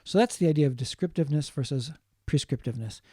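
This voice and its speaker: Mellow-voiced man teaching linguistics. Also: on the high side, husky, no echo, studio quality. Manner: explains slowly, repeating points and adding Japanese glosses. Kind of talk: online lecture.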